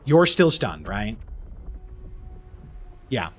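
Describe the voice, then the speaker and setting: A man's voice: on the high side, huge pitch swings, slow pace, pauses often, a bit bright. A young man streaming a video game, ranting and swearing in frustration as he comments on a battle. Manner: swears a lot, exasperated ranting. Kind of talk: frustrated live gameplay commentary.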